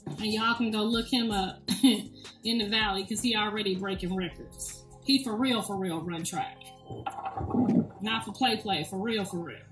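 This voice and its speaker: A woman's voice: medium pitch, measured pace, a bit bright. A middle-aged woman hosting a casual livestream chat, blunt and profane, laughing often. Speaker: show host. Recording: echoey room, distant mic, faint music.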